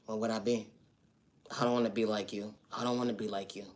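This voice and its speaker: A man delivering an earnest spiritual motivational monologue, repeating affirmations and now and then breaking into loud, high shouted refrains. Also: little pitch movement, fast. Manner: repetitive affirmations, earnest and emphatic. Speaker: spiritual vlogger.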